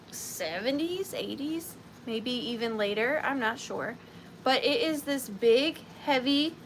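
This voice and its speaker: A woman's voice: high voice, fairly bright tone, slight background noise, rough recording. A woman with a Southern US accent hosting a live vintage and antiques sale from home, chatty and gushing, greeting viewers by name.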